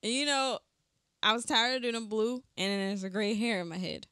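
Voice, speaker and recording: A woman's voice: a little high, normal speed, a bit bright, clean tone, no echo, clean studio sound. A young woman co-hosting a podcast in casual chat, playful and laughing often. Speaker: podcast co-host.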